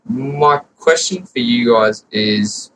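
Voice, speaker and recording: A man's voice: mid-range voice, takes it slowly, a bit bright, slight background noise, poor audio. An Australian man in his late teens leaving a voice message as a caller, earnest and unsure, rambling through his question. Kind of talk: recorded listener voicemail.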